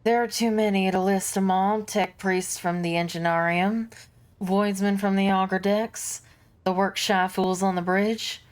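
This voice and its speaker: A woman voicing a gruff veteran male starship helmsman in a put-on Southern American accent, blunt and folksy. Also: medium pitch, steady tone, unhurried, lightly acted. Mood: scornful. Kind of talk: reading game dialogue aloud.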